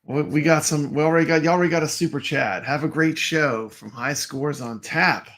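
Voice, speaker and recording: Gravelly-voiced man chatting on a stream. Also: on the high side, fairly quick, fairly bright tone. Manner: upbeat, greets chat viewers by name. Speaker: co-host of a live stream show. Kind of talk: casual live stream chat.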